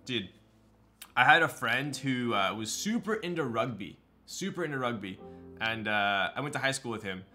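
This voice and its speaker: A man's voice: medium pitch, lively intonation, moderate pace, sharp tone, soft background music. A man chatting casually on a live stream, answering his viewers' questions as they come in. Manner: chatty, loose, reads and answers chat.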